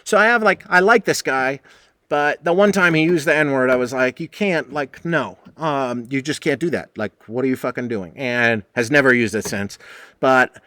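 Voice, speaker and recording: Middle-aged New man, casual storyteller, bright forceful voice, very dry close sound. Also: mid-range voice, normal speed, no echo. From New England, United States. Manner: animated, profane, acts out quoted voices. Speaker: podcast host telling a story.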